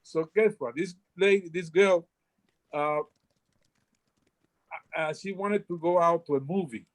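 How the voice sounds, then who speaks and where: Here the same kind of guest storyteller, an older Dominican man, talks at a measured pace in a voice on the high side. The recording is rough, and his stories in this casual interview wander, full of restarts and repeated words.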